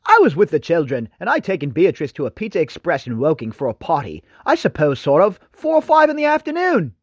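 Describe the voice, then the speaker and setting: A man's voice: on the high side, huge pitch swings, a little fast, no room sound, lo-fi sound. A man putting on an exaggerated English accent to play a pompous middle-aged English prince making prim excuses. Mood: haughty excuse. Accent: put-on English.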